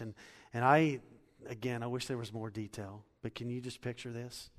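A man's voice: medium pitch, brisk. Preaching man in a reverberant hall. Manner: animated storytelling, rising to loud emphatic preaching. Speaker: pastor. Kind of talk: sermon.

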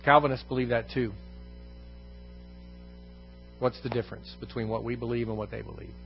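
A man's voice: medium pitch, steady tone, normal speed, muffled recording, faint music behind. A man teaching a congregation in an evening Bible lesson, repeating key phrases for emphasis and putting questions to the room. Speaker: pastor. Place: church room.

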